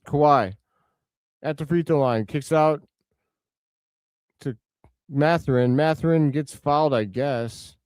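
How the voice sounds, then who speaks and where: A man hosting a live watch-along stream, giving casual play-by-play and answering viewers' comments, with excitable outbursts over big plays. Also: a little high, slow pace, long pauses, clear, resonant tone, no echo.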